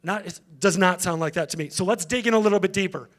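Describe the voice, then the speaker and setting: High-voiced male pastor preaching. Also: fast. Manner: conversational, engages the congregation. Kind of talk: sermon.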